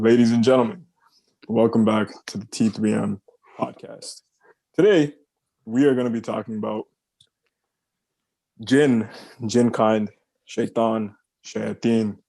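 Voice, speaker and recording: A man's voice: lowish voice, gravelly, warm tone, low-quality recording. A young man hosting a podcast, laid-back and slangy, tired after little sleep. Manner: slangy and laid-back, says "bro" often. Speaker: podcast host. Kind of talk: casual podcast chat.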